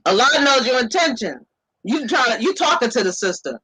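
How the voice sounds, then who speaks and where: A man's voice: extremely high pitch, sing-song, normal speed, bright, forceful tone, husky, no echo, low-quality recording. A male host who talks in a teasing, emphatic way. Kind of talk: casual talk.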